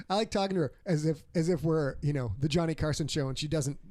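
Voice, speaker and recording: A man's voice: on the high side, brisk, warm tone, no echo. A middle-aged man hosting a casual livestreamed podcast, joking and playful. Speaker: podcast host.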